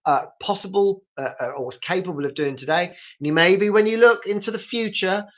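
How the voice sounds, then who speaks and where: A man's voice: high-pitched, normal speed, a bit bright, lo-fi sound. A man hosting a live grief support talk, coaching listeners directly with practical tips. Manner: coaching, speaks straight to listeners.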